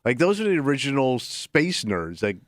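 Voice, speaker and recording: Radio co-host, man, lively pitch, dry close studio mic, ribbing. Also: moderate pace, no echo. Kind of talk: casual morning radio banter.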